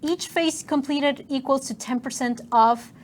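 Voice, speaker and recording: A woman's voice: high voice, a little slow, slight background noise. A woman co-hosting a game stream in casual, upbeat chat.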